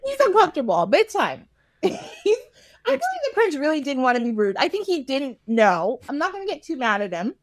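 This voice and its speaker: A woman hosting a podcast tells an old fairy tale in a chatty, animated way, often breaking into laughter and acting out the characters. Her voice sits fairly high and swings widely in pitch. The sound is close and dry. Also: moderate pace, no room sound. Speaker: podcast host. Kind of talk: casual storytelling chat.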